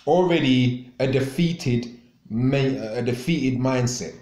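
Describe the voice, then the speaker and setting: Male radio host on an angry, sweary rant, mid-pitched voice, echoey room. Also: takes it slowly, darkish tone. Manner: angry, profane, repetitive. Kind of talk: ranting monologue.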